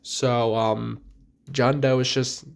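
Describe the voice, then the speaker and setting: A man's voice: mid-range voice, level tone, takes it slowly, creaky. A young man with a sick voice giving blunt, offhand commentary on game characters in a casual video. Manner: blunt, offhand, mildly crude. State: sick, stuffy voice. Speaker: gaming video creator.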